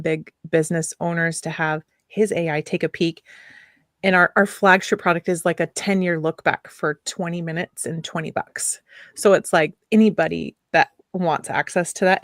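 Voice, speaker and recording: Upbeat woman guest on a video call, rambling and eager, lowish voice, dry close sound. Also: dry recording. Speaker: guest entrepreneur. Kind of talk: casual enthusiastic talk.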